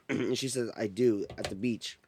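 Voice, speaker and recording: A young man telling a story in casual chat, animated and laughing often as he goes. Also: medium pitch, a little slow, a little hiss or hum. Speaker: podcast host.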